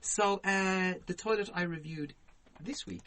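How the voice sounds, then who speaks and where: A man, co-hosting a podcast and telling profane, animated stories in casual chat. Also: high-pitched, measured pace, a crowd in the background. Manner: profane, animated, laughs through his stories. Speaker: podcast co-host.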